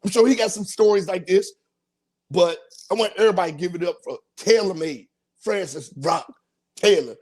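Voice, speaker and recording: A man's voice: sits high, moderate pace, darkish tone. A man hosting a podcast, telling a profane comic story and acting out voices and sound effects. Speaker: podcast host.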